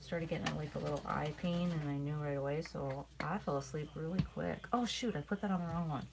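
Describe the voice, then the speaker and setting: Middle-aged lady chatting thru a live craft demo, kinda low voice, hiss in the background. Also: brisk, vocal fry. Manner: chatty and relaxed, with frequent yawns. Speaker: crafting livestream host. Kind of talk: casual livestream craft demo, chatting with viewers. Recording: steady background noise.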